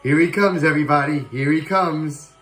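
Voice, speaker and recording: A man hosting a livestream, giving playful live commentary on a virtual airshow, excitable and prone to whoops and chuckles. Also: a little high, moderate pace, poor audio. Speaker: livestream host. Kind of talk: playful live commentary on a flight sim show.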